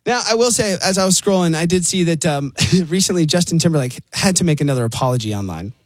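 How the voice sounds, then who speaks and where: A man co-hosting a live radio show, chatting casually in an excitable way and laughing often. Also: fairly high pitch, fast talker, no room sound. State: a bit out of breath. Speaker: radio co-host.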